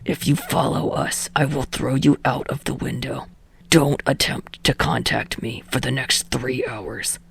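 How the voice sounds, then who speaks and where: A woman's voice: very deep voice, steady tone, a little slow, gravelly, breathy edge, pitched below the performer's own voice, full character voice. A woman voicing a foul-mouthed, furious teenage boy student hero in a podfic reading, blunt and crude. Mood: deadpan. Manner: crude, blunt, shouting in anger.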